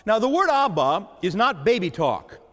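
A male pastor preaching a sermon, with dramatic pauses and emphatic repetition. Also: sits high, sing-song, a bit bright, big-room sound. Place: church.

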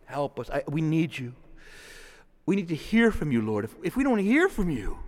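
A man delivers a homily from the pulpit with a lively, swooping voice that sits a little high for a man. He shifts between fervent, raised passages and soft, prayerful asides. His words ring out with the long reverb of a church hall. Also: normal speed. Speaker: priest. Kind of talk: sermon.

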